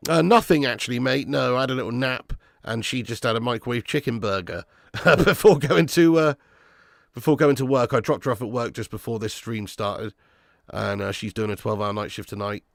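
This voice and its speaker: A man hosting a live football watch-along, calling the play and reading chat, excitable and swearing freely. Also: mid-range voice, brisk, vocal fry, dry recording, clean studio sound. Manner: excitable, swears, jumps from play calls to chat shout-outs. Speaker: fan channel host.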